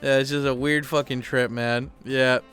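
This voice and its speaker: A YouTuber speaking at home in a casual talking-head chat, rambling and profane with plenty of fillers. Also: male voice, mid-range voice, little pitch movement, moderate pace, fairly bright tone, clean tone, soft background music.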